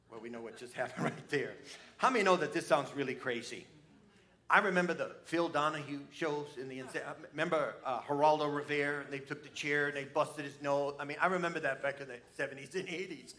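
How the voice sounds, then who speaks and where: A man preaching a sermon, animated and lively, dropping to quiet asides to his congregation. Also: on the high side, fairly quick. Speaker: pastor.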